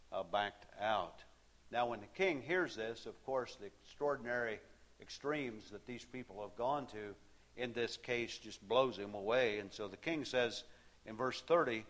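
A man's voice: mid-range voice, a bit bright. Conversational man preaching a sermon. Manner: conversational, with many fillers and asides to the listener.

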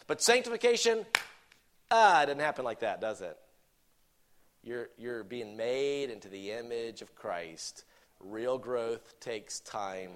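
A man preaching a sermon, reading scripture verses aloud and explaining them, rising to emphatic points and dropping to soft low asides. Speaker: pastor.

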